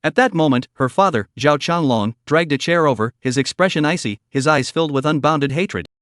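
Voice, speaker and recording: A man's voice: on the high side, animated, brisk, fairly bright tone, no room sound, studio quality. A man narrating a dramatic story recap in a scripted storytelling style.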